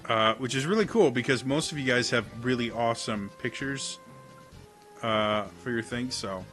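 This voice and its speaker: A man's voice: medium pitch, normal speed, a bit bright, soft background music. A man running an online tabletop game as game master, talking in a casual, easygoing way over voice chat.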